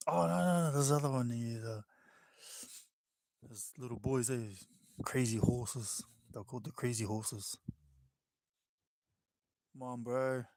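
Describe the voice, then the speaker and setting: A man's voice: mid-range voice, unhurried, gravelly, pauses often, darkish tone, no echo, clean studio sound. A man with a New Zealand accent chatting casually while he draws, laid-back and talkative, calling his listeners bro. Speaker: livestreaming artist. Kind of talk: casual chat while drawing.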